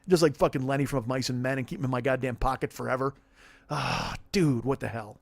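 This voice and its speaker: Fast-talking profane man, dry mic. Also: mid-range voice, fairly even intonation, gravelly, dry recording. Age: 40s. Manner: profane, self-deprecating, rambling. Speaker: podcast host. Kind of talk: casual comedic rant. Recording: dry close-mic studio sound.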